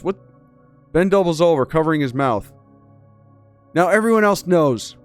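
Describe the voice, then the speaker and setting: A man's voice: a little high, expressive, moderate pace, faint music behind. A man hosting a gaming channel, reading a game's story aloud with casual, crude commentary and disbelieving asides.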